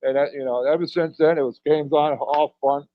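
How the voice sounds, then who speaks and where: A man's voice: on the high side, fairly even intonation, fairly quick, no echo. A middle-aged man, a pro wrestler as podcast guest, telling rambling anecdotes and chuckling between lines. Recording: dull, dry lo-fi audio.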